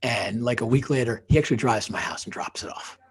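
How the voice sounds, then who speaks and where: A man's voice: mid-range voice, fast, gravelly, husky. A man who is a podcast guest and author, telling a personal story emphatically, sometimes dropping into a whisper for effect.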